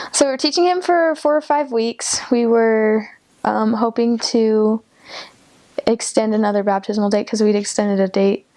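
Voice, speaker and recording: A woman's voice: fairly high pitch, a little mellow. A young woman, a returned missionary, casually telling a personal story in an interview, chatty, with frequent fillers and little laughs. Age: young adult.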